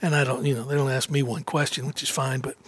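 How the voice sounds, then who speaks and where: A man, a guest on a talk show, telling an anecdote in a casual, animated way, acting out quotes and laughing often. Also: medium pitch, quick pace, husky, no echo. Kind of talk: casual storytelling interview.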